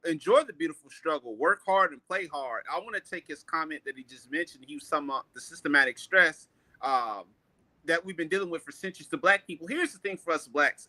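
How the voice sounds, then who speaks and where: A blunt man in shares strong opinions with a high, very bright voice. The sound is dry and close, with no room around it. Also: no echo, rough recording. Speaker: co-host. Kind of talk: candid discussion.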